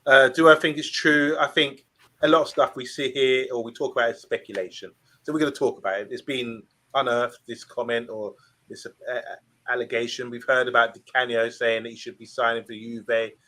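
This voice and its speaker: A man's voice: mid-range voice, fairly even intonation, brisk, bright, forceful tone. A man co-hosting a fan podcast in casual chat, rambling and easygoing. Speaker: podcast co-host.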